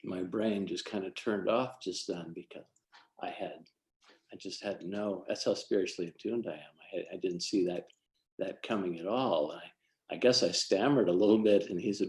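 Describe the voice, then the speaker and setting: A man's voice: sits low, moderate pace, darkish tone. Earnest man telling a story, roomy sound. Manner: earnest, lightly self-mocking. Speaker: church youth leader. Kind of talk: personal story in a devotional talk.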